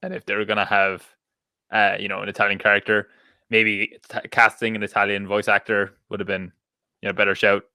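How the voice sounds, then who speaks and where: Low, bright-toned man on a podcast. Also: level tone, a little fast, no echo. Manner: easygoing, brief agreeing replies. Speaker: podcast panelist. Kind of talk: casual chat.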